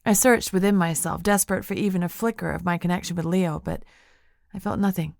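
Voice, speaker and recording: A woman reading first-person narration of an audiobook in a measured, intimate way. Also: lowish voice, fairly even intonation, gravelly, darkish tone, dry recording, clean studio sound.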